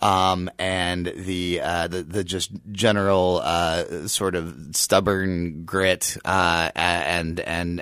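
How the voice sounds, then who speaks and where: A man from Kansas, a guest on a radio interview, answering in a halting way with lots of uhs and restarts. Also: deep voice, a bit bright, no echo.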